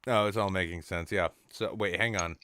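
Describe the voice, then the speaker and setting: A man's voice: low voice, steady tone, moderate pace, bright, forceful tone, clear, resonant tone. A man doing an improvised comedy bit, rambling in a mock-serious tone with lots of restarts. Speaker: podcast co-host.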